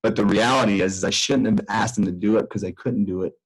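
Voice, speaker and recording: A man's voice: on the low side, fast talker, rough recording. Earnest middle-aged father teaching from home. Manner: earnest and conversational, with frequent restarts and asides. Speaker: extension educator. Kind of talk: recorded parenting lesson from home. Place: room in his own house.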